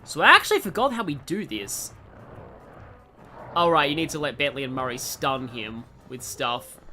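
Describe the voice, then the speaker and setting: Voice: medium pitch, animated, moderate pace, pushed and bright, soft background music. A let's player giving casual, rambling gameplay commentary full of digressions.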